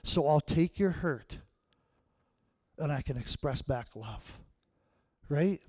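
A middle-aged man preaching a sermon, telling a personal story and acting out his own lines with rising pitch and volume. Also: slow, dry recording. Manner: animated storyteller, acts out his own past quotes with rising pitch and loudness. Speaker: pastor.

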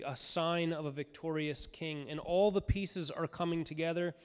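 Preacher man with a clear voice in a reverberant hall. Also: a little high. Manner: earnest, rising to fervent cries when voicing the crowd. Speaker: pastor. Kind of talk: sermon.

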